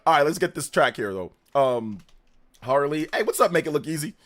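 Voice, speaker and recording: Brief: young male streamer, high bright voice, bouncy and slangy. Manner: energetic, slangy, hums theme tunes, laughs often. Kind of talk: casual live reaction stream chat.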